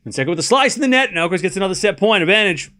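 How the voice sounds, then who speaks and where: A man's voice: high voice, expressive, rapid-fire, pushed and bright. A man commentating a tennis match live on stream, chatty and incredulous, laughing often and talking to his chat.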